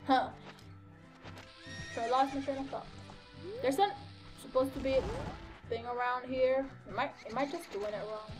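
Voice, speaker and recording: A woman's voice: sits high, fairly even intonation, normal speed, long pauses. A young woman casually commenting while playing a video game, chatty and scattered, with lots of fillers and exclamations. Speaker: gaming channel host. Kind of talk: casual let's-play commentary. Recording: faint game music behind.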